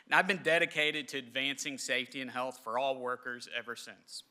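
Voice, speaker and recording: A man, giving a halting, emotional memorial ceremony speech in a large hall. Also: medium pitch, bright, forceful tone, smooth. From southern West Virginia. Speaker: government official speaker.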